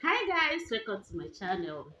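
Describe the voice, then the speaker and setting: A young Nigerian woman with a Nigerian accent chatting on her vlog and giving advice in an animated way, repeating herself for emphasis. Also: medium pitch, moderate pace, echoey room. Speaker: vlogger.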